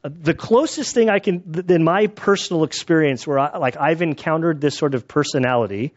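Male Bible teacher, relaxed and chatty, slightly higher voice, muffled recording. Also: normal speed. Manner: conversational, acts out quotes with laughs.

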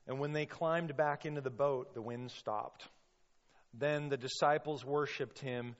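A man preaching a sermon as a pastor, impassioned and storytelling, with sudden loud bursts when he acts out quotes. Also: mid-range voice, steady tone, unhurried. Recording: long reverb, dull sound.

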